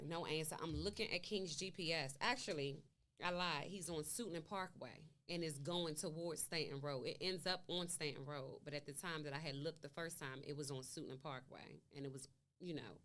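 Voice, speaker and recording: A woman's voice: sits low, moderate pace, fairly bright tone. A woman being interviewed, recounting events at length and acting out the dialogue in her story. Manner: long retelling with quoted dialogue. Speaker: interview guest, mother. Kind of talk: conversational storytelling.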